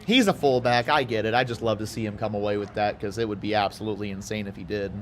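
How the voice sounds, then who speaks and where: A man from Houston giving casual, rambling commentary as he plays a football video game, with excited outbursts and side chatter. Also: on the low side, fast talker. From Houston, Texas. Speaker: gaming YouTuber.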